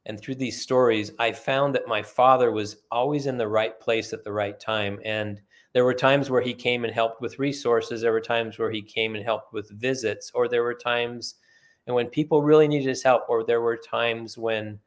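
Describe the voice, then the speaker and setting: Middle-aged male guest, earnest storyteller, mid-pitched voice, voices the people in his tale. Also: fairly even intonation, moderate pace. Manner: earnest storyteller who acts out quoted dialogue. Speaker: podcast guest. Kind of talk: storytelling in conversation.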